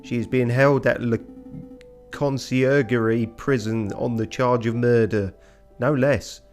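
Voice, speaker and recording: A man's voice: medium pitch, steady tone, a little slow, darkish tone, soft background music, lightly acted. A man voicing a posh, snobbish male falcon lawyer in a bird game, speaking in a haughty, formal manner.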